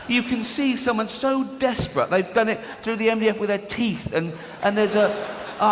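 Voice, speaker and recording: A middle-aged man doing stand-up comedy, telling stories with mock voices and animated outbursts. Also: high voice, normal speed, few pauses. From England. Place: large theatre stage. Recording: reverberant hall with audience noise. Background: audience laughter.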